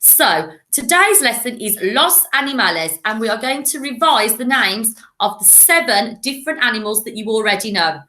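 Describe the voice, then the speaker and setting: A woman's voice: fairly high pitch, expressive, moderate pace, few pauses, pushed and bright, reverberant. A woman teaching a primary school language lesson, encouraging and playful, in a recorded classroom lesson. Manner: encouraging, with playful animal voices.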